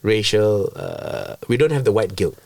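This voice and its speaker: A man from Malaysia, a comedian guest talking casually on a podcast, growing animated and repeating words when he gets excited. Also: on the low side, a little slow, gravelly, no echo.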